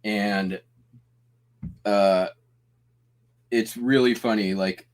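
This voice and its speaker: A man's voice: on the low side, fairly even intonation, extremely slow. A man in his thirties or forties who hosts a live stream, talking casually, rambling, cutting himself off mid-sentence and laughing often. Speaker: host.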